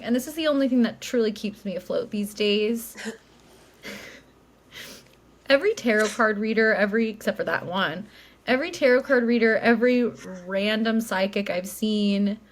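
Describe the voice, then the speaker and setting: A fairly high-pitched, expressive woman speaking at a normal speed. In her late twenties and co-hosting a podcast, she chats casually and tells a meandering story, full of likes and ums, and describes herself as a yapper.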